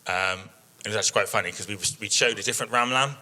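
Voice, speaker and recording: A thirtysomething man presents a slide-based workshop talk, meandering through stories about his sheep with many ums. He speaks quickly in a slightly low voice that still comes across bright and forceful.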